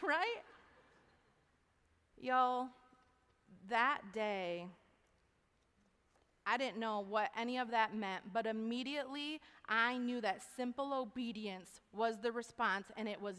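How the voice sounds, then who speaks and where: A woman giving an animated testimony talk to an audience, folksy, calling them y'all. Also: a little high, unhurried, pauses often, clear, resonant tone. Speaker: speaker at a university event. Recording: long hall reverb.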